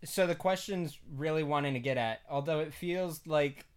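A young man with a fairly high voice, co-hosting a casual podcast. He jokes around, reads listener questions and laughs easily between lines. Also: normal speed, clear, resonant tone. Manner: playful, laughs often, jokey. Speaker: podcast co-host.

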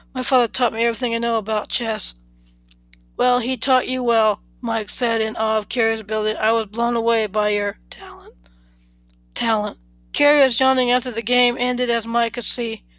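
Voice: medium pitch, no echo, low-quality recording. Storyteller reading in a dry, close voice. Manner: unhurried, even reading with small slips. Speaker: podcast storyteller. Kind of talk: plain read-aloud narration.

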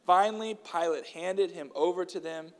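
A man with a fairly high voice delivers a sermon, talking casually and with some fillers before reading long passages aloud with strong emphasis. His voice carries a long reverberant tail, as if he is speaking in a large hall. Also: moderate pace. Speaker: preacher.

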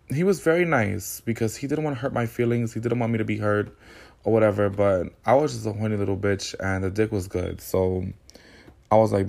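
A man's voice: fairly low pitch, fairly quick, vocal fry, a little mellow. A man hosting a podcast, telling a personal story in a sassy, candid and slangy casual monologue. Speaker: podcast host.

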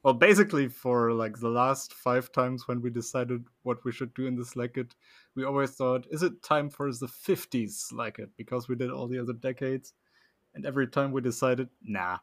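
A man with a German accent hosts a relaxed podcast chat. He announces rankings at an unhurried pace and breaks into laughter easily. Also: medium pitch. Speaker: co-host.

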